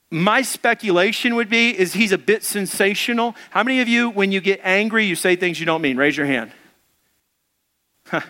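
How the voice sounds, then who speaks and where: A man's voice: high voice, bright, forceful tone. A man preaching a conversational sermon, often asking the congregation questions and reading along with them. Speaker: pastor.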